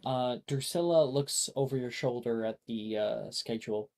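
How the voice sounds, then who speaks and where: The game master narrating a tabletop game over a video call, with lots of pauses and fillers. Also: medium pitch, darkish tone, a little hiss or hum. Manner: unhurried, filler-heavy narration.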